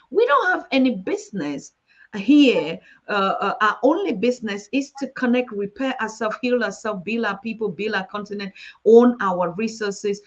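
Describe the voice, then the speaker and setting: A woman hosting a live show, effusive and halting, restarting her sentences often. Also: medium pitch. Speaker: host. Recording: dull, lo-fi sound.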